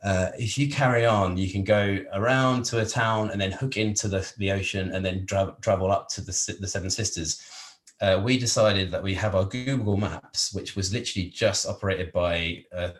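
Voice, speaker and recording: An English man with a fairly low voice, spinning a rambling travel story as a podcast guest. He talks in a loose, animated way, doubling back on himself and laughing often. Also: moderate pace. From England. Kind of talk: casual anecdotal storytelling.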